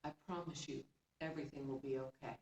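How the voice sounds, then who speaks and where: Woman doing a gentle, wise talking fish. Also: a bass voice, fairly even intonation, a little fast, dull audio, voice pushed down. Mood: reassuring. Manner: gentle, reassuring, earnest. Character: kind wise magical talking fish, male. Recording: roomy, distant, faint background hum.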